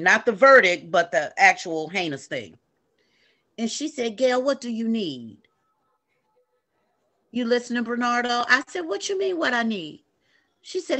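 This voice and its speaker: A middle-aged woman telling a story in an animated, preaching way to a group on a video call. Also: on the high side, a little slow. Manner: animated, preachy, uses y'all.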